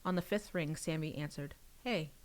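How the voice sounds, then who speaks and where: A woman reading her own novel aloud on a livestream, pausing for casual chatty asides. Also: low voice, lively intonation.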